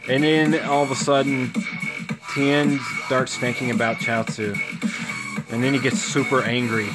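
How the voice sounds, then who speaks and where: A man's voice: mid-range voice, level tone, measured pace, loud music behind the voice. A man casually retelling a fan story, rambling, with plenty of fillers.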